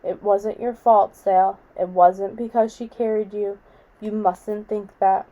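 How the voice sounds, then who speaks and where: A woman reading the lines of a shaken young father in an audiobook, speaking quietly and gently. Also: medium pitch, little pitch movement, slow, muffled recording, natural voice. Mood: grieving.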